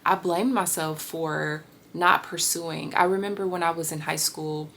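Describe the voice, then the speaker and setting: A woman in her thirties candidly telling a personal healing story, reflective and pausing often. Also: low-pitched, fairly even intonation, creaky, a bit bright, a little hiss or hum. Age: 30s. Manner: reflective, with pauses and fillers. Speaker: vlogger sharing a healing story.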